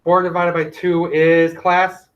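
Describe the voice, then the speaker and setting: A male teacher giving a classroom math lesson, gently directing students and quizzing them with questions. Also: a little high, little pitch movement, slow pace, muffled recording. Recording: echoey classroom.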